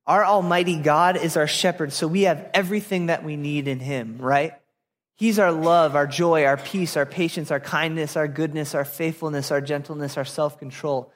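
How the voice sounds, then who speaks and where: A man's voice: on the high side, steady tone, moderate pace. A young man preaching a sermon in a casual, conversational way, with frequent fillers. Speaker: pastor. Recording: long hall reverb.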